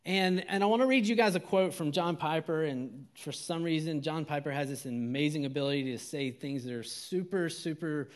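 A man's voice: fairly high pitch, normal speed, hardly any pauses. A man from Georgia, preaching a casual, conversational sermon full of fillers and restarts.

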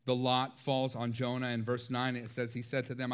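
Animated storytelling male preacher. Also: medium pitch, a little fast, hardly any pauses, smooth. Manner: animated storytelling with frequent laughs. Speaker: pastor. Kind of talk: sermon.

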